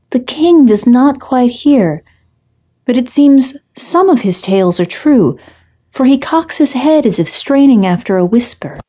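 A woman narrating a first-person fairy tale story in a measured, literary, reflective way. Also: mid-range voice, mellow.

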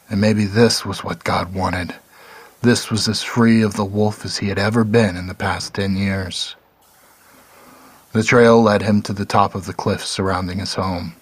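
A man narrating a dark story in a measured, somber reading. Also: lowish voice.

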